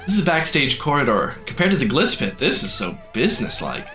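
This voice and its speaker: A man chatting casually on a live stream while playing a game, chatty and quick to laugh. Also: mid-range voice, sing-song, bright, forceful tone, echoey room, soft background music.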